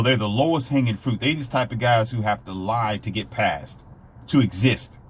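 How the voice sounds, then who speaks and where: A self-published author of dating advice rants in a blunt, emphatic monologue about relationships, driving the same points home over and over. His voice is mid-range, with a bit of hiss or hum in the audio.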